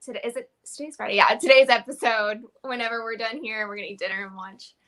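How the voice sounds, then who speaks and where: A woman's voice: on the high side, steady tone, fast, sharp tone. A young woman guest in a casual interview, bubbly and laughing often as she chats. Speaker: guest musician.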